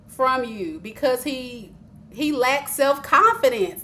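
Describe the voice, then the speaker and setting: Slow-talking, giggly woman reading tarot live. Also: sits high, animated, sharp tone, a little hiss or hum. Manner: chatty, laughs often, teasing, talks straight to viewers. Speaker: tarot reader.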